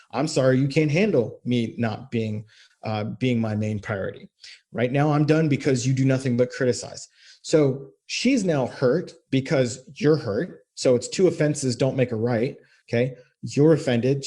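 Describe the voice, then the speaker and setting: A man coaching on relationships in a blunt, profane way, taking apart a text exchange line by line. His voice has a mellow, dark tone with a slight huskiness. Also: mid-range voice. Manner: direct, profane, reads quoted texts aloud.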